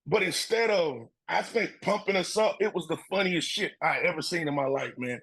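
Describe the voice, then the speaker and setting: Middle-aged ex-football guy, husky voice, kinda high, acts out his old coaches while he tells stories. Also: normal speed, rough recording. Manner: animated storyteller, acts out coaches' voices, laughs often. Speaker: former football player, guest. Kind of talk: casual storytelling interview.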